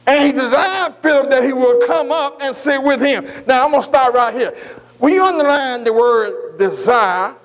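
Here a man delivers a sermon in a very high voice. He lingers over scripture in a slow, drawn-out reading, then poses questions to his listeners and echoes key phrases for emphasis.

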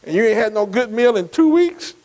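A man's voice: sits high, lively intonation, fairly quick, a little mellow, poor audio. A man preaching a sermon, folksy and emphatic, often asking the congregation whether they agree. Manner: emphatic preaching with call-and-response questions. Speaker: pastor.

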